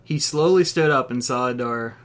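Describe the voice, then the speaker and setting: A man's voice: medium pitch, normal speed, a bit bright. A man hosting a podcast, reading his own comedic story aloud and laughing at his own jokes.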